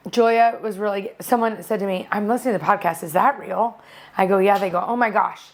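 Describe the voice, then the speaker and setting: A woman's voice: mid-range voice, brisk. A woman co-hosting a podcast, talking candidly in casual chat. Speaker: podcast co-host.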